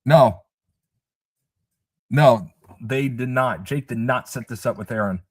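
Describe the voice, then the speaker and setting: Dude hosting a live stream, keeps repeating himself, kinda scoffing, dry close sound. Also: male voice, medium pitch, slow pace, a little mellow, no echo. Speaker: livestream host. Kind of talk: casual live-stream commentary.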